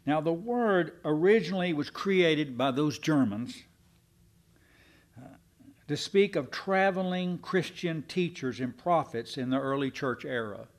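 Slow folksy preacher man. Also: fairly high pitch. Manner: folksy, self-deprecating, slow deliberate preaching. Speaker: pastor. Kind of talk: sermon.

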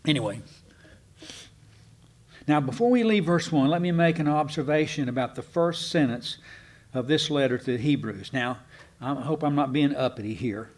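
A man giving a folksy, digressive Bible teaching to a congregation, slowing down to stress key words. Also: on the high side. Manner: folksy and digressive, slows down for emphasis. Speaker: preacher.

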